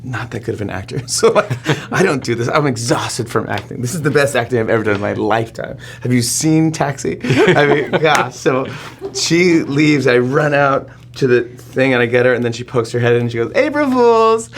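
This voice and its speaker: Man, 40s, gravelly, mid-pitched, excitable storyteller, laughs a lot, studio interview guest. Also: fairly quick, slight background noise. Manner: excitable, laughs often, acts out quotes. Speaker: talk show host as guest.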